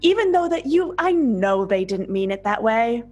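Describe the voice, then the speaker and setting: A woman's voice: fairly high pitch, very animated, normal speed, darkish tone, highs cut off. A woman speaking earnestly and with self-awareness in a group conversation, explaining a personal practice. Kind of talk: reflective conversation.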